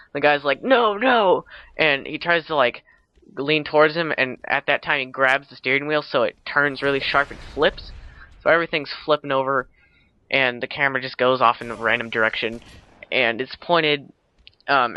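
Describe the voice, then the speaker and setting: A man's voice: mid-range voice, clean tone, lo-fi sound. A man casually retelling a film plot, rambling with many fillers and self-corrections. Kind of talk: casual spoken plot summary.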